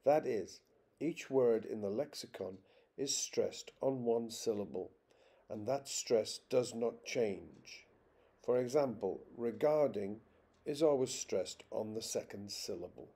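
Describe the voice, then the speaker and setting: Slow, deep-toned man reading a lesson. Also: dark tone, slightly rough. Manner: slow, deliberate reading of example words one by one. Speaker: teacher. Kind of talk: scripted lesson narration.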